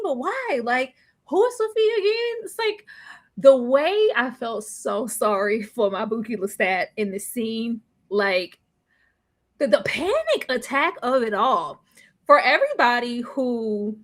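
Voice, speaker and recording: A woman hosting a live discussion of a TV episode, laughing often and acting out the characters' lines. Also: medium pitch. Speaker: host.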